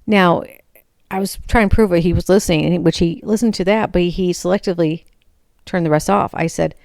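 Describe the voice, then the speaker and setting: A middle-aged woman tells a long, exasperated story in a casual, rambling way, with a gravelly edge running through her low voice. She often acts out what she said in a higher voice. The sound is dry and close, with no room behind it. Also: steady tone, fairly quick, darkish tone, no echo.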